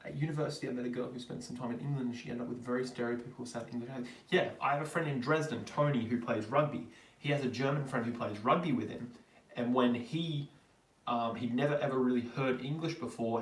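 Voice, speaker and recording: An Australian man chats casually through a live question-and-answer stream, reading each viewer question aloud before rambling into an answer full of ums. His voice sits at an ordinary middle pitch. The sound is roomy, picked up from a mic a little way off. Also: distant mic. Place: home in Germany.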